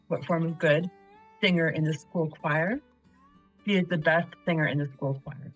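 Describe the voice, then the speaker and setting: A woman's voice: fairly low pitch, steady tone, moderate pace, low-quality recording. A woman teaching essay writing, who works through example sentences and practice exercises one at a time in a patient, methodical way. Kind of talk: instructional lesson narration. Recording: light guitar music behind.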